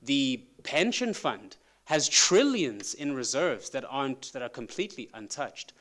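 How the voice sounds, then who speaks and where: A man on a conference panel, wrapping up a point in a measured, reflective way. His voice sits at an ordinary middle pitch. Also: sing-song, fairly bright tone. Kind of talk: academic panel response.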